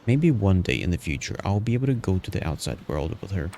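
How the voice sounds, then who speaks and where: A man's voice: deep voice, sing-song, fast talker, warm tone, a little hiss or hum. A man streaming a game, reading its story text aloud in a plain voice with small restarts.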